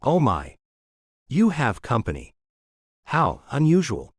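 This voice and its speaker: A man's voice: medium pitch, wildly swooping pitch, moderate pace, dry recording, studio quality. A man reading an audiobook, voicing an imperious, nosy older woman who plays matchmaker. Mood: imperious, sly. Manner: imperious, sly. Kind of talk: audiobook character voice.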